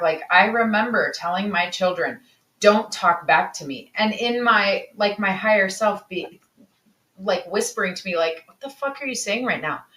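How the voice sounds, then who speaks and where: A woman's voice: lowish voice, fairly bright tone. A woman co-hosting a casual podcast about parenting, talking in a candid, reflective way. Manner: reflective, candid, sometimes swears. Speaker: podcast co-host. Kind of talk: casual conversation. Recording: echoey room.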